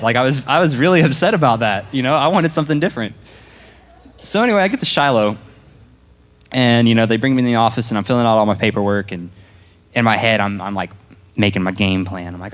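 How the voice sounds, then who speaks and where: Young man with drawl, low-voiced. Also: fast talker, a bit bright, big-room sound. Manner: casual, storytelling, acts out his past self. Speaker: church speaker giving testimony. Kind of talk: personal testimony to a congregation. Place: church.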